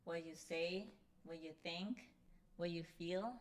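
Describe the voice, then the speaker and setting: A woman hosting a casual conversation, reflective and repeating phrases softly. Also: lowish voice, slow pace. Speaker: host.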